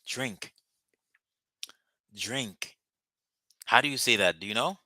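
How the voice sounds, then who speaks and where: A man's voice: mid-range voice, takes it slowly, bright, forceful tone, no echo, clean studio sound. A man teaching a live language lesson, patiently repeating words and phrases for his students.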